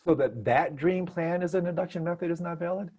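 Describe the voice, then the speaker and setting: A man with a slightly husky voice leads an online teaching session over a video call. He tells stories in an animated, self-mocking way and laughs often. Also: fairly high pitch, brisk. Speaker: meditation teacher.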